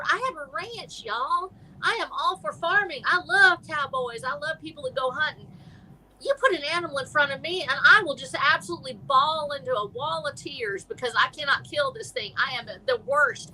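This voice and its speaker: A middle-aged woman, chatting as a guest author on a live stream, rambling and animated with many restarts. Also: high-pitched, moderate pace, rough recording. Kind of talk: casual chat.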